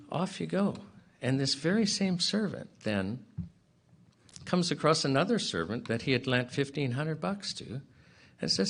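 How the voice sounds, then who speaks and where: A man's medium-pitched, slightly bright voice carries an animated retelling of a parable at a public inquiry, delivered at normal speed. His tone is sincere and straightforward, with casual asides and regular throat-clearing between phrases.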